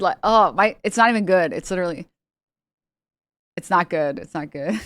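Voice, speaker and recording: A woman streamer with a medium-pitched voice and lively intonation speaks at a moderate pace during a casual live-stream chat. Rambling and filler-heavy, she laughs often, with no room sound in the recording.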